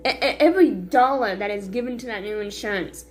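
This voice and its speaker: A woman's voice: medium pitch, fairly quick. A woman talking to her viewers in a rambling, self-critical confessional vlog, full of restarts and sighs. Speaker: vlogger.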